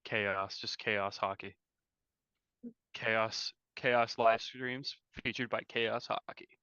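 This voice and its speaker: Casual podcast co-host from Canada, a man with a bright, forward tone, joking and rambling; dry, slightly dull mic. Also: on the low side, fairly even intonation, slow pace, clear, resonant tone, no room sound. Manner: jokey, rambling, laughs at own bits. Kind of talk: casual live-stream chat.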